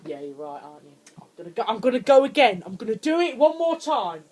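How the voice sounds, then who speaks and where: A young man giving let's play commentary on a horror game, jumpy and quick to scream when startled. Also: very high voice, sing-song, a little mellow. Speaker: gaming channel host.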